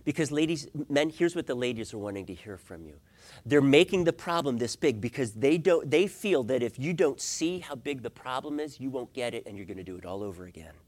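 A middle-aged man preaching a sermon as a pastor, swinging from hushed asides to loud emphatic points and asking rhetorical questions. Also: mid-range voice, lively intonation, fairly quick.

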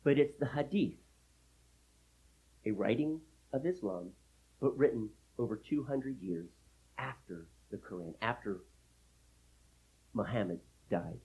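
A man preaching a sermon, emphatic, with big swings in loudness and repeating key phrases for stress. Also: fairly low pitch, lively intonation, measured pace, pauses often, husky, highs cut off. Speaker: pastor.

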